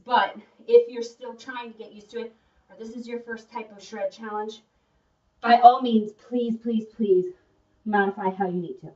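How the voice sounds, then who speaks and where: A woman's voice: fairly high pitch, a little mellow. Chatty woman fitness instructor, distant sound. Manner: chatty, encouraging, breaks off with laughs. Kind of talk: workout instruction video. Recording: muffled, from away from the mic.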